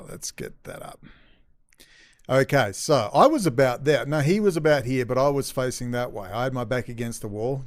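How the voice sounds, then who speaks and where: A man's voice: medium pitch, smooth. A man from Australia, telling a rambling, profane, agitated story straight to camera. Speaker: vlogger.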